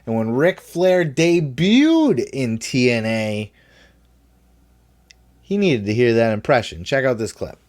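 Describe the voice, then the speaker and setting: A man hosting a podcast, talking casually and excitedly, with loud whooping bursts and some swearing. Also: mid-range voice, takes it slowly. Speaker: podcast host.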